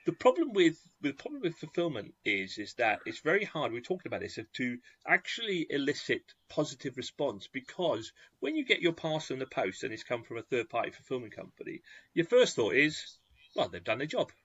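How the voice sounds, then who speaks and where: A man's voice: mid-range voice, big pitch swings, brisk, a bit bright, slightly rough, no echo, highs cut off. A man, a game retailer and fulfilment company owner, chatting in a podcast interview, full of restarts and repeated words and acting out bits of dialogue.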